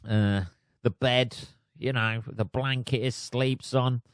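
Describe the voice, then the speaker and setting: A man's voice: mid-range voice, steady tone, slow, clean tone, dry recording, clean studio sound. A man hosting a solo podcast, reading news aloud and riffing on it in a sweary, sardonic way. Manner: sweary, sardonic, laughs at his own jokes. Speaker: podcast host.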